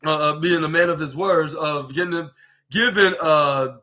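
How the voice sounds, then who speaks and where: A man hosting a podcast, recapping a wrestling show in a halting, rambling way with many fillers and restarts, acting out what the wrestlers said. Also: a little high, steady tone, bright, forceful tone. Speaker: podcast host.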